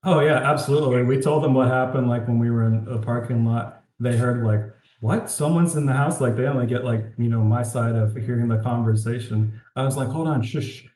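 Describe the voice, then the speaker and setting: A man's voice: mid-range voice, fairly quick, hardly any pauses. A man being interviewed as an author, telling stories casually and animatedly, saying "like" a lot with a disbelieving tone. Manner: animated, says "like" often, incredulous. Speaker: author guest. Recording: roomy echo.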